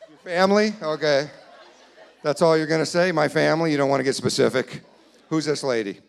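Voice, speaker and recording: A man doing comedy crowd work in a church hall, teasing audience members in quick banter. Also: fairly high pitch, creaky, smooth. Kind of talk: live stand-up crowd work.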